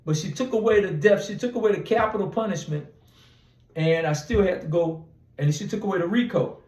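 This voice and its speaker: A man's voice: sits high, brisk, darkish tone, reverberant, far from the mic, rough recording. A man telling a long personal story in a casual interview, rambling with restarts and acting out quoted dialogue. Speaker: interview guest.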